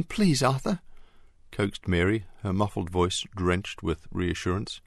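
A man reading an audiobook in a measured, expressive scripted narration. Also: low-pitched, dry recording, clean studio sound.

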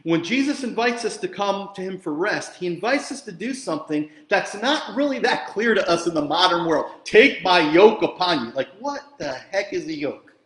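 A man preaching a sermon as pastor, from New Jersey, animated and conversational with jokey asides, swinging from quiet to loud and emphatic. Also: high voice, moderate pace, few pauses, reverberant. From New Jersey, USA.

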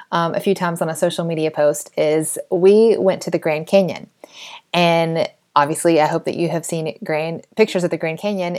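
A woman in her thirties hosting a faith podcast, telling a story with animated, laughing delivery. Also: lowish voice. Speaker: podcast host.

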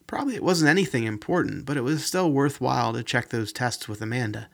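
A man's voice: medium pitch, quick pace, creaky, fairly bright tone. A man doing a vague, scruffy young lab tech. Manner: vague and hesitant, then defensive.

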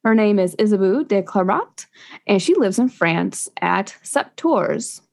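A woman co-hosts a laid-back book review podcast, her voice sitting at an ordinary middle pitch. She talks in a chatty, rambling way. Laughter slips into her talk often. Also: expressive, measured pace, vocal fry, darkish tone. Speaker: podcast co-host. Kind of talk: casual chat book review.

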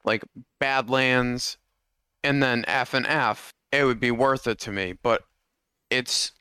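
A man's voice: medium pitch, fairly even intonation, slow, pushed and bright, clean tone, dry recording, studio quality. A man co-hosting a casual chat, talking hesitantly with frequent filler words. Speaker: podcast co-host.

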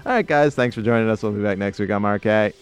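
A man's voice: lowish voice, fast, clean tone, faint music behind. A man hosting a podcast in casual chat, bantering and joking with his co-host. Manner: joking banter, slips into mock voices.

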